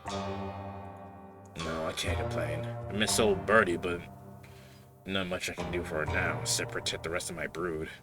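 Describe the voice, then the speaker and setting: A man voicing a gruff middle-aged farmer with a folksy Southern US drawl, protective of his family. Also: deep voice, fairly even intonation, measured pace, long pauses, music in the background.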